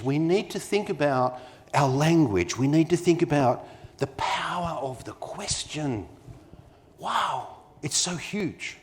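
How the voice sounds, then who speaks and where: A man speaks as keynote at a conference, his voice sitting at an ordinary middle pitch. He presses each point home with emphasis and keeps pulling the room in with quick questions like "yeah?" and "you with me?". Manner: engages the audience with rhetorical questions; emphatic, persuasive delivery. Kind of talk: live conference talk. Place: conference venue.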